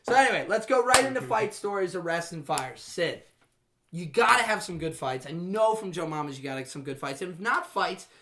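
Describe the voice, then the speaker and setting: A man's voice: sits high, fairly quick. A man hosting a podcast in casual chat, joking and swearing freely. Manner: joking, profane, animated. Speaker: podcast host.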